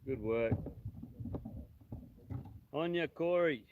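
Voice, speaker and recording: Aussie bloke ranting, swears a lot, bit high voice, sounds like over a phone. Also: male voice, extremely slow. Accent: Australian. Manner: swearing storyteller, blunt. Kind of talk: casual chat. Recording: tinny phone-like audio with faint noise.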